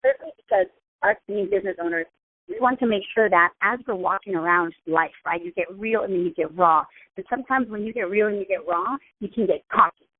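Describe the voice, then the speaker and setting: A woman's voice: mid-range voice, fairly quick. A woman host giving a casual, chatty motivational talk, often repeating herself. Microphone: phone call. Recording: tinny phone-line sound.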